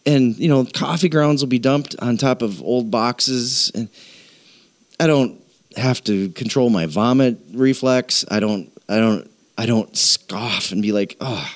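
Guy preaching a sermon, chatty and worked up, mid-pitched voice, slows way down and goes low to hit the big points. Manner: animated storytelling, voices people in a high pitch, slows and drops low for emphasis. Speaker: pastor.

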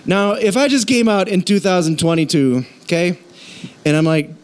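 A man preaching a sermon in a lively, conversational way, joking and asking the congregation questions. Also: sits high, moderate pace, slight background noise. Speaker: pastor.

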